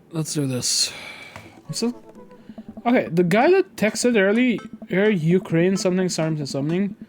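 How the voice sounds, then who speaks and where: A man's voice: a little high, a little mellow. A young man streaming a game, chatting casually and reading its text aloud, swearing now and then. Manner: casual, swears, reads in a rush.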